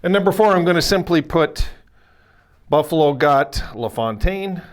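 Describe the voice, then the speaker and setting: This hockey video host has a voice on the high side and speaks expressively at a moderate pace. Alone on camera in a casual video, he rambles along in a chatty way, full of self-corrections and side comments.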